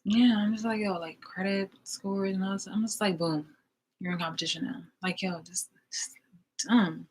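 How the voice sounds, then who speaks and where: A woman ranting in a casual monologue, exasperated and profane, full of fillers, swinging between loud outbursts and low mutters. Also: fairly even intonation, moderate pace, husky.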